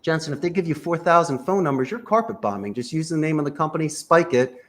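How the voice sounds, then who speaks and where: Animated high-voiced man coaching sales. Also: fast. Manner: emphatic, punchy, coaching. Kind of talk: energetic advice in a panel chat.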